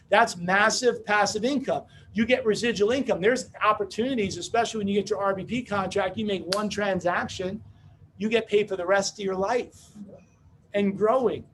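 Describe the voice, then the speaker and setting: A man giving a motivational business seminar talk, brash and joking, telling rapid-fire stories to a room. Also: sits high, a bit bright, a little hiss or hum. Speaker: business opportunity speaker.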